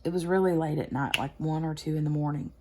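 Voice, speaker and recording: A woman's voice: low voice, fairly even intonation, fast, noisy background. A woman hosting a craft chat video, telling a rambling story full of fillers and restarts while she works. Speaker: craft channel host.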